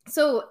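A woman co-hosts a podcast, recapping reality TV in a casual, animated chat. She laughs often and acts out other people's lines.

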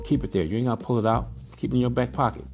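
A man's voice: medium pitch, steady tone, racing, creaky, darkish tone, faint music behind. A man from Southern California hosting a podcast, giving a blunt, preachy monologue full of rhetorical questions. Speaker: podcast host, pigeon breeder. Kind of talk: casual monologue.

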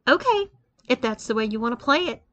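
A domineering young college woman, read by a woman narrator, commanding and taunting in a confident, slightly high voice. She bosses and teases in an audiobook-style story reading. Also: big pitch swings, fairly quick, fairly bright tone, lo-fi sound.

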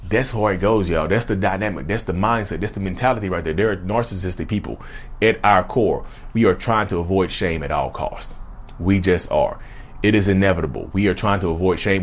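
A man talking on his own channel, a casual monologue with a repetitive, preachy delivery that keeps calling viewers y'all. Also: low-pitched. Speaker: channel host.

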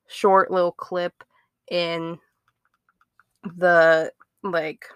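A woman's voice: lowish voice, smooth, no room sound, clean studio sound. A woman hosting a true-crime podcast, chatting casually and reacting with disbelief. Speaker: podcast host.

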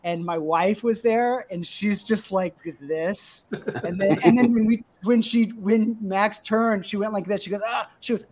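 A middle-aged man who creates comics and coaches youth baseball tells an excited, emotional story in casual chat. His voice is high-pitched and his pace measured.

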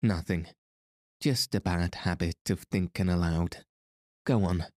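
A man's voice: low voice, measured pace, a little mellow, no room sound. A man reading the part of a genial, teasing middle-aged priest with dry, playful humor. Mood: gently teasing.

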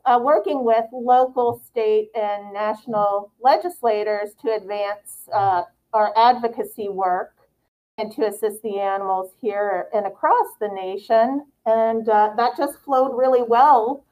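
A woman with a slightly high voice answers interview questions. She speaks confidently and stays measured and upbeat. She sounds like a professional explaining her work. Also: steady tone, darkish tone, poor audio. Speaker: guest, animal welfare director.

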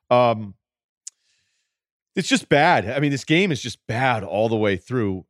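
A man co-hosting a sports podcast, telling game stories casually and dropping his voice low to mimic the people he quotes. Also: expressive, normal speed, dry recording, clean studio sound. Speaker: podcast co-host.

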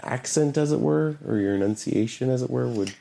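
In casual banter, a man with a medium-pitched, creaky, dark voice teases the other speaker and is quick to challenge him.

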